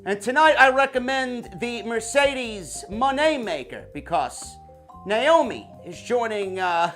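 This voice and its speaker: A man's voice: very high voice, sing-song, slow pace, a bit bright, faint music behind. A man from New York hosting a livestream wrestling podcast from his home basement, hyped and profane, tagging "man" onto almost every line. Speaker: wrestling show reviewer and host.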